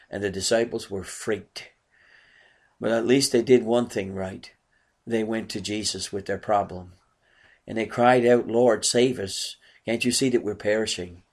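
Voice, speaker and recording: A man's voice: lowish voice, darkish tone. A man preaching a sermon in an earnest way, often asking rhetorical questions.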